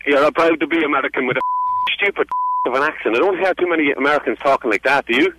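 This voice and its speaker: A man with an Irish accent, exasperated and swearing, on a phone call from a car park. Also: fast. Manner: exasperated and swearing, pitch leaping when he shouts. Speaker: prank call victim. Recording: noisy phone line.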